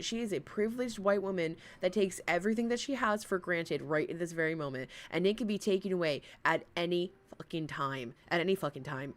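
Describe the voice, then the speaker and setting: A woman hosting a livestream, reacting to a clip in blunt, profane, animated casual chat. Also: medium pitch.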